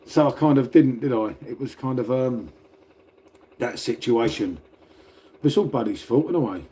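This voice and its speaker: A British middle-aged man livestreams from home beside a radiator, reading chat and rambling casually while laughing and swearing at his viewers. His medium-pitched voice is expressive and mellow, at a normal speed.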